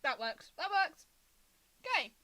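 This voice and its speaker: A woman narrating as game master of a tabletop game, lively and laughing, with frequent ums. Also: high voice, a little slow.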